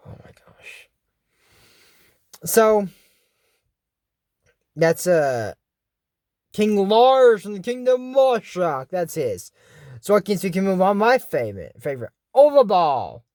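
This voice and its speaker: Casual episode recap, rambling, self-correcting, animated pitch, dry close mic. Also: unhurried, pauses often, no room sound. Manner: rambling, self-correcting, laughs at own slips. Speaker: cartoon episode reviewer.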